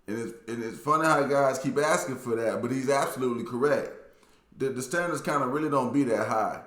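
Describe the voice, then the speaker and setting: A man's voice: medium pitch, brisk, fairly bright tone. Man, Southern accent, casual commentator answering viewer comments; laid-back and plainspoken, recorded in an echoey room. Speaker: YouTube commentator.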